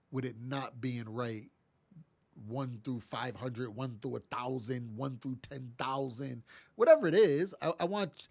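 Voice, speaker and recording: A middle-aged man, congested from sinus trouble, giving a motivational talk as a parenting podcast host in a casual, emphatic, repetitive way. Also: a little high. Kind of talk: motivational monologue.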